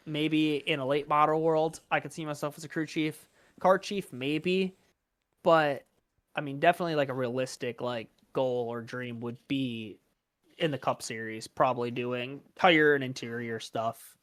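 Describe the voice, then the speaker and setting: A man's voice: medium pitch, fairly bright tone, dry recording, clean studio sound. A young man guesting on a podcast, telling stories eagerly in casual chat.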